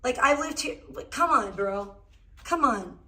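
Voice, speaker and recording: Young woman streamer rambling and cussing, kinda high voice, casual garage chat on her phone. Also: measured pace, a little hiss or hum. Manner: heavy swearing, rambling and animated. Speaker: livestream host. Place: garage at home.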